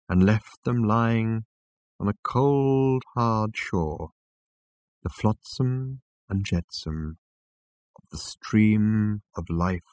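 A man narrating a storybook chapter in a slow, measured, dramatic reading. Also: low voice, a little mellow, dry recording. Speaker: audiobook narrator. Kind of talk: scripted narration.

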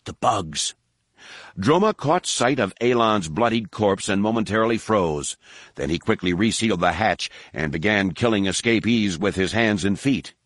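Guy reading an audiobook, lowish voice, steady pace, dry close sound. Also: normal speed, no echo. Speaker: audiobook narrator. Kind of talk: scripted narration.

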